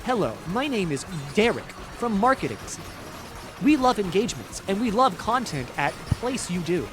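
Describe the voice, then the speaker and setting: An overeager corporate marketer, as a man puts him on gushes in stilted broken English with a raised, bouncing pitch. He sounds fawning and clumsy, over steady game music. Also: moderate pace.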